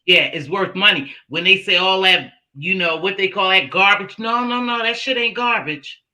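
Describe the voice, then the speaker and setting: A woman hosting a casual livestream chat, animated and laughing, bursting into shouts when excited. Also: medium pitch, normal speed, low-quality recording. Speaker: livestream host.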